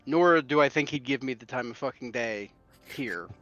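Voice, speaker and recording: A man's voice: medium pitch, moderate pace, a bit bright, soft background music. Hesitant male player on a dull, lo-fi mic. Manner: casual, hesitant, with swearing. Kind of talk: casual in-character role-play.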